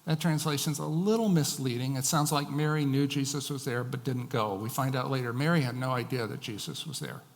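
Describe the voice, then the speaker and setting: A man preaches from the pulpit, reading scripture and explaining it line by line. His voice sits at an ordinary middle pitch. The sound rings with the long reverb of a church hall. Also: steady tone, brisk, hardly any pauses. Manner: reads scripture aloud and explains it; acts out quoted lines with rising emphasis. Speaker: pastor. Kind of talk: sermon.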